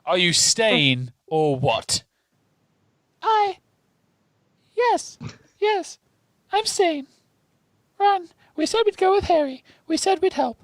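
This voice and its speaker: Brief: anxious teen girl witch, played by a man in a very high squeaky falsetto. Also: big pitch swings, takes it slowly, long pauses, dry recording, clean studio sound, heavily acted. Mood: pleading.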